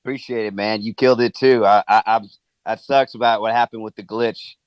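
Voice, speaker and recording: A man calling in to a podcast, talking in a relaxed, friendly, slangy way. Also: lowish voice, fairly quick, no echo. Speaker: caller. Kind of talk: casual chat.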